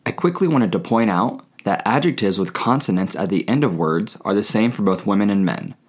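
Male language teacher with a low voice, reads a scripted lesson, repeats each word slowly. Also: expressive. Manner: slow, clear repetition of words. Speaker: Spanish teacher.

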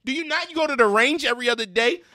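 A man chatting about a movie in a casual comedy talk, telling the story with animated, exclamatory, profane energy. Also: extremely high pitch, rapid-fire, dry recording, clean studio sound.

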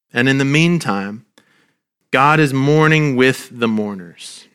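Slow, earnest male pastor preaching. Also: mid-range voice, clear, resonant tone. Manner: earnest, slow and gentle, dropping soft at the ends of lines. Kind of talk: sermon. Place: church.

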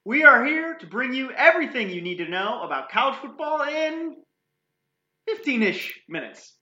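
Bright-voiced man in an echoey room. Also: extremely high pitch, very animated, normal speed. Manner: hesitant, with fillers and restarts when analyzing. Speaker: podcast co-host. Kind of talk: casual sports podcast chat. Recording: echoey room, dull lo-fi sound.

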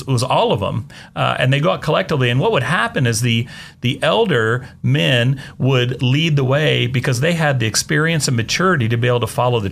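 A man, a missionary guest on an interview show, telling stories in an unhurried way with many "uh"s and "you know"s. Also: mid-range voice, gravelly, fairly bright tone. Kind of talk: casual storytelling interview.

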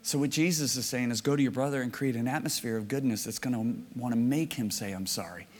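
A man preaching a sermon, telling stories and swinging from low, hushed lines to loud shouted bursts. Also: quick pace, in a large hall.

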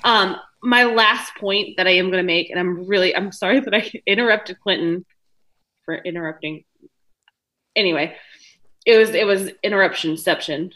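Bright, playful woman on a podcast. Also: on the low side, normal speed. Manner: playful, jokey. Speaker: podcast co-host. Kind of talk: casual film review chat.

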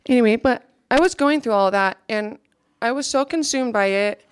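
A woman's voice: fairly high pitch, normal speed, clear, resonant tone, dry recording, studio quality. A young woman giving an earnest, reflective personal testimony to a gathering, now and then checking her notes.

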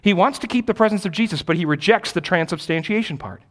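A man's voice: high-pitched, fast talker. A male pastor giving a teaching sermon in a church. He speaks emphatically and repeats key phrases for stress.

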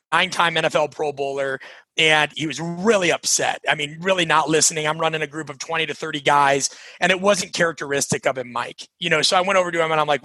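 A bright, forceful man's voice, slightly high for a man, recorded dry and close. He is a coaching author from Nebraska who talks in an energetic, emphatic way and acts out the dialogue in his stories. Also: dry recording, low-quality recording. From Nebraska, USA. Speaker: coaching author and podcast guest. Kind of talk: conversational interview storytelling.

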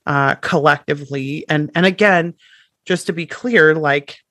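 Woman coach, podcast guest, lively and expressive, quotes clients in their voices; dry, close recording. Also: deep voice, measured pace, dry recording. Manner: animated, acts out quotes of clients and herself. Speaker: strengths coach. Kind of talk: podcast interview.

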